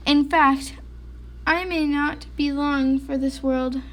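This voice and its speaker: A woman's voice: high-pitched, fairly even intonation, slow pace. Woman doing a grumpy, self-pitying storybook bear with a cold, grumbling and melodramatic. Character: sick grumpy dramatic male bear.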